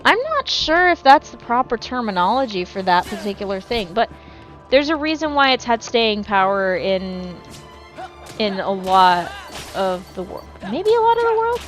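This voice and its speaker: A woman's voice: mid-range voice, lively intonation, measured pace, fairly bright tone, soft background music. A woman streaming a game and chatting casually with her viewers, rambling, swearing freely and often correcting herself mid-sentence. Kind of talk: casual live-stream chat while gaming.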